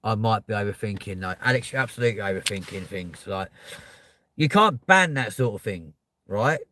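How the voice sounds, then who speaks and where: A man from Kent, ranting on a live stream and answering chat, swearing and often rising to shouting. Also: on the low side, lively intonation, moderate pace. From Kent, England. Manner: profane, heated, swings into shouting. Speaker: livestreamer.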